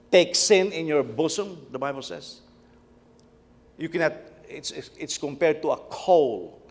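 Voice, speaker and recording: Man, pastor, middle-aged, casual sermon, repeats himself, slightly high voice, reverberant church hall. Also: a little mellow. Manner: conversational, repeats words, tells family anecdotes.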